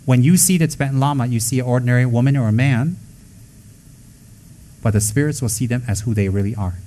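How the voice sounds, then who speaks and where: A man's voice: mid-range voice, fast talker, dark tone, slight background noise. A man in a mid-range voice gives a loose, unscripted Buddhist teaching. He talks bluntly and with emphasis, asks rhetorical questions and answers them himself, and drops in teasing jokes. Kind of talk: informal dharma talk.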